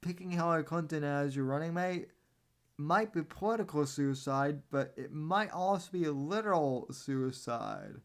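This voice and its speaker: A man hosting a podcast, giving casual political commentary in a meandering, halting way with sarcastic asides. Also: on the high side. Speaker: podcast host.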